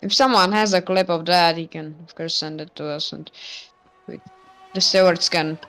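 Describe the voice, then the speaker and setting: A woman's voice: on the low side, normal speed, a bit bright. A woman co-commentating an online sim race on a stream, chatty and teasing. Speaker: co-commentator and steward. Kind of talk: casual sim racing commentary.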